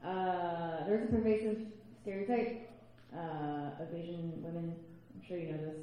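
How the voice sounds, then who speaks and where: Hesitant woman with a low voice, echoey room. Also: fairly even intonation, lo-fi sound. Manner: measured, hesitant, with fillers. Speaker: panelist. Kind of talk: convention panel talk.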